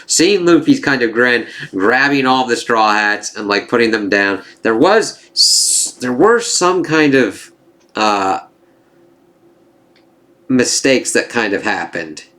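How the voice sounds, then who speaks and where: A man's voice: mid-range voice, lively intonation, takes it slowly, bright, forceful tone. A man giving a casual spoken review of an anime season, rambling with fillers and swearing freely as he gets worked up.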